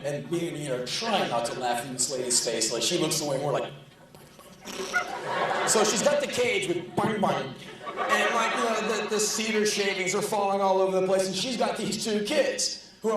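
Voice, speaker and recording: A man's voice: sits high, normal speed, over a noisy crowd. A man performing a profane, sardonic spoken word story on stage. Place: large live venue. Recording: echoey live hall, distant, audience laughing.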